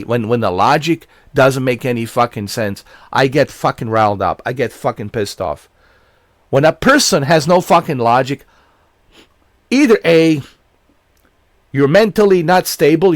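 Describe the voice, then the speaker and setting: A man's voice: on the high side, no room sound, studio quality. Furious profane man ranting. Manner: profane, shouting in bursts. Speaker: gaming channel host. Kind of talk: angry rant commentary.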